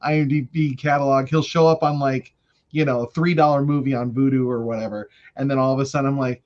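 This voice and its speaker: A man's voice: medium pitch, fairly even intonation, brisk, darkish tone. Chatty man on a dull-sounding line. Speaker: panelist. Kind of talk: casual film discussion.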